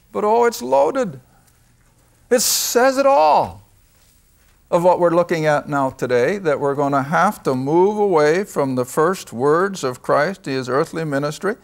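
A man's voice: high voice, creaky. An older man teaching a folksy Bible lesson, emphatic, asking questions and answering them himself. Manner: emphatic, asks and answers his own questions.

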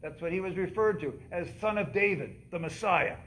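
A man's voice: high-pitched, expressive, fairly quick, fairly bright tone. A pastor preaching a sermon in a church, quizzing his congregation and dramatically repeating the cries of the scripture story. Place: church sanctuary.

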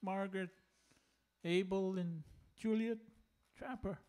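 A man's voice: sits high, steady tone, slow pace, darkish tone. A man serving as pastor who leads prayer during a sermon, earnest and prayerful.

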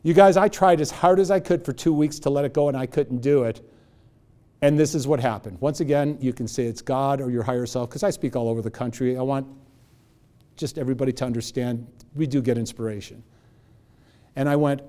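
In a mid-range voice that runs fairly quick, a motivational speaker in his fifties delivers a live talk. He tells stories energetically and keeps quizzing the audience.

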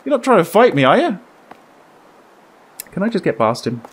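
A man casually commenting as he plays a game, chatty and joking, reacting out loud to what happens. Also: sits high, big pitch swings, normal speed, breathy edge. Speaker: gaming YouTuber. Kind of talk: let's play commentary.

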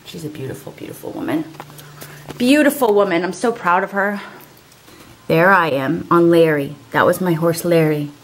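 A woman's voice: fairly low pitch, moderate pace, a little hiss or hum. A woman in her thirties chatting casually to camera as a family vlogger, rambling and calling viewers "guys". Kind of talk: casual vlog chat to camera.

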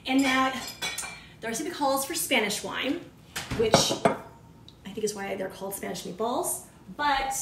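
A woman's voice: on the high side, background noise. A woman hosting a cooking show, chatting casually with viewers as she talks them through each step. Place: home kitchen. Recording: echoey kitchen, mic at a distance, clattering dishes.

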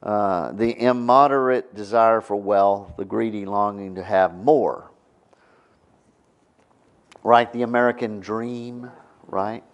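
A man's voice: lowish voice, fairly even intonation, takes it slowly, pauses often, muffled recording. A middle-aged man preaching a sermon in a conversational way, often stopping to ask "right?". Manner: conversational, keeps asking "right?".

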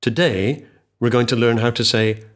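A man teaching a scripted podcast language lesson, speaking clearly and slowing right down to model phrases. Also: medium pitch, steady tone.

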